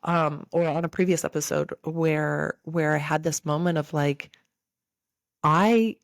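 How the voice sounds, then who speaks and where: A woman's voice: low-pitched, fairly even intonation, unhurried, vocal fry, no echo. A woman in her thirties hosting a podcast, telling a personal story earnestly and speaking directly to her listeners. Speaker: podcast host. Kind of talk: candid podcast chat.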